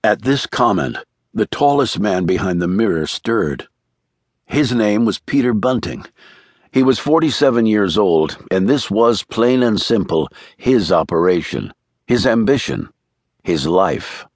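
A man narrating a thriller audiobook in a measured, even storytelling manner. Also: fairly low pitch, no echo, studio quality.

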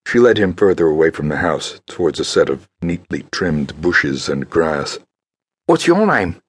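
Very deep husky male narrator. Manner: measured, grave storytelling. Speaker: audiobook narrator. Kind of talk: scripted narration.

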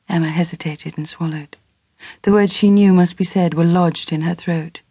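Woman audiobook narrator, husky and lower-pitched, measured, scripted narration. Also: steady tone, dark tone, dry recording, clean studio sound. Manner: measured storytelling.

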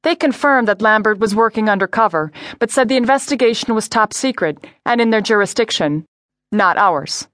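A woman voicing a tough female New York detective who gives crisp, commanding orders in an audiobook. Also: a little high, expressive, normal speed, fairly bright tone, dry recording, studio quality. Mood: businesslike. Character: tough female NYPD detective, cool under pressure. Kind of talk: audiobook character voice.

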